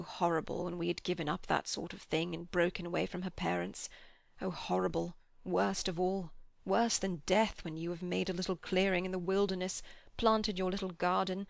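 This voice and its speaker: A woman reading the part of a gentle, grieving old man who talks slowly and softly, with a quaver, in an audiobook. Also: on the low side, steady tone, creaky, dry recording, studio quality. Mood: anguished. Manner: slow, soft, quavering.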